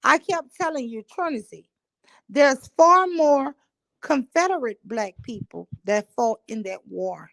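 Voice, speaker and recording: A combative woman host argues over a live stream, swearing and cutting in. Her voice is high and swings widely in pitch. The recording is dry and close. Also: expressive, a little slow, creaky, fairly bright tone, dry recording. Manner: combative, profane, interrupting. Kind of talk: heated live-stream argument.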